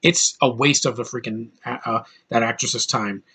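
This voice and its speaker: A man's voice: mid-range voice, steady tone, moderate pace, sharp tone, breathy edge. A man giving a blunt, ranting movie review in casual speech, with lots of fillers and restarts. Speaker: film reviewer.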